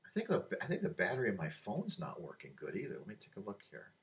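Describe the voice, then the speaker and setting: A man's voice: low-pitched, huge pitch swings, quick pace. An older man vlogging a rambling opinion monologue, drifting off on asides and growing emphatic when he argues a point. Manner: easily distracted, wandering asides.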